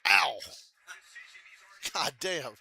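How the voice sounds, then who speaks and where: A man reacting live to a football game, with profane, excitable outbursts. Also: fairly high pitch, very slow, gravelly, slightly rough.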